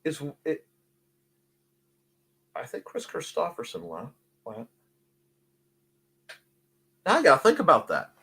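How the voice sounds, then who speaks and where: Animated, bright-voiced man hosting a livestream. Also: on the high side, measured pace, pauses often, breathy edge. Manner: rambling, jokey, animated asides. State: slightly hoarse. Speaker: livestream host. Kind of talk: casual livestream chat reading comments.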